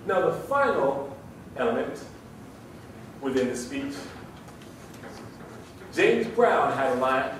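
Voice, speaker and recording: A man giving a live seminar talk to an audience, animated and drawing them into call-and-response. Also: medium pitch, takes it slowly, pauses often, slight background noise. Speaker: public speaking trainer. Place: large room with audience. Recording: echoey hall from far off.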